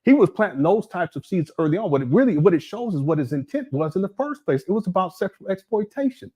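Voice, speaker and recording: Animated man ranting on a livestream. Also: high voice, fast talker, breathy edge. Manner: animated, incredulous, rambling with restarts. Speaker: livestream commentator.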